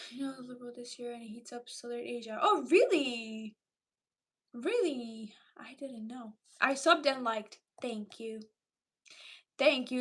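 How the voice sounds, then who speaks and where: A woman in her thirties from Romania, with a Romanian accent mixed with Irish and London English, casually chatting with viewers on a livestream, animated and full of fillers. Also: on the high side. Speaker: livestream host reading chat.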